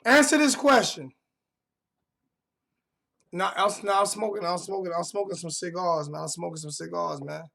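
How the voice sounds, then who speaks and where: A man's voice: high voice, little pitch movement, a little fast, creaky, hardly any pauses, a bit bright. A young man hosting a livestream from home, confrontationally trash-talking his chat and repeating phrases for emphasis. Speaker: livestream host. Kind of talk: heated livestream rant.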